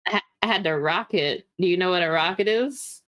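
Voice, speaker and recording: A woman's voice: lowish voice, a little fast, fairly bright tone, no room sound. A woman streamer chatting casually with a co-host, laughing a lot and swearing freely. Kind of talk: casual chat.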